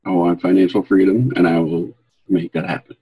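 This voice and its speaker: A man answering questions in a group coaching session, hesitant and halting. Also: low voice, fairly even intonation, dark tone, slightly rough. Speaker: team member.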